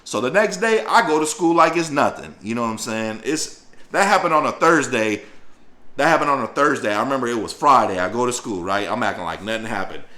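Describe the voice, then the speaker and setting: A man telling a story to the camera, loose and profane, jumping into voices and sound effects as he goes. His voice sits at a middle pitch and rings in a roomy, echoey space. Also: lively intonation, fairly quick, pushed and bright. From northern Louisiana. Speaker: vlogger telling a personal story. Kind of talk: casual storytelling.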